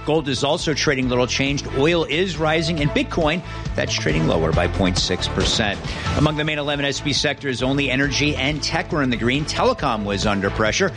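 A man reading a scripted market news update as a news desk anchor, in a brisk, even delivery. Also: medium pitch, music in the background.

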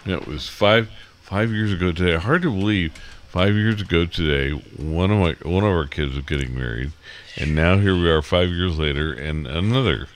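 A man's voice: sits low, moderate pace. A middle-aged man hosting a morning radio show, stuffy and sniffling from a cold, rambling with many fillers. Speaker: radio host. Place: radio studio.

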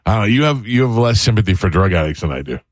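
A man's voice: fairly low pitch, sing-song, very fast, no room sound. A man hosting a radio talk show, telling blunt stories in casual chat. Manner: blunt, storytelling.

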